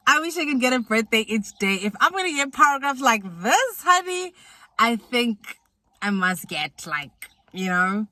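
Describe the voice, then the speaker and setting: Young woman vlogger, bright lively tone, fairly high voice, chatty and playful. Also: no echo. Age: young adult, 21. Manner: chatty, playful, quick asides. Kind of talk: casual vlog chat.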